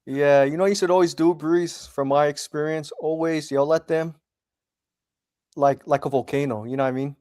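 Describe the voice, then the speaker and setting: A man's voice: fairly high pitch, steady tone, normal speed, a little mellow, dry recording, studio quality. A man chatting casually on a livestream, asking questions and repeating himself.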